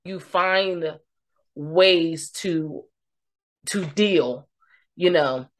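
Gentle woman podcast host. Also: on the low side, drawn-out words. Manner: gentle, openly emotional. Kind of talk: conversational interview.

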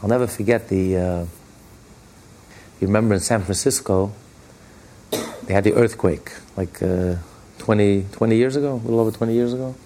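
Teaching Torah in a fairly low, mellow voice, a rabbi speaks at normal speed but pauses often, with a little background noise present. He tells stories in a plain, conversational way with restarts, emphatically repeating key phrases as his voice rises on each point.

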